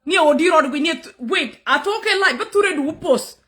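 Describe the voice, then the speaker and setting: A woman's voice: very high-pitched, lively intonation, moderate pace, bright, forceful tone. A woman streaming live as a content creator, scolding commenters in a heated rant and switching between English and another language. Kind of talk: angry livestream rant at commenters.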